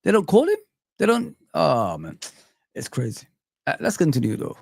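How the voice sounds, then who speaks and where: A man hosting a casual football live stream, reacting excitedly to clips and chatting with viewers. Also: a little high, moderate pace, creaky, husky, no room sound, studio quality.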